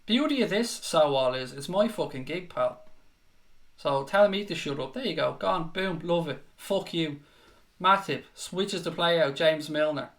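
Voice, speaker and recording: A man hosting a live football watchalong, commentating in a frustrated, sweary way with bursts of shouting. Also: on the high side, expressive, measured pace. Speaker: watchalong host. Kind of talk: live fan reaction commentary.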